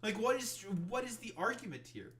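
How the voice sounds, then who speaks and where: A man's voice: extremely high pitch, sing-song, a little fast, a bit bright. A streamer man in a profane political rant, reading news aloud and mocking it with exasperation. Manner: exasperated, swears constantly, reads articles aloud then mocks them.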